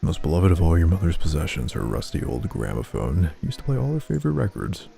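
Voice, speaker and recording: A man's voice: deep voice, huge pitch swings, quick pace, gravelly, mellow, soft background music. A young man playing a game, reading its text aloud and making crude, sardonic remarks. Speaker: let's play gamer. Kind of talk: casual game commentary and reading.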